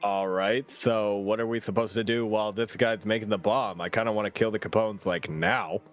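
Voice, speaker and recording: A man's voice: fairly low pitch, fairly even intonation, moderate pace, soft background music. A man playing a tabletop game, chatty and joking, hesitating with "um" and "I guess". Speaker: player.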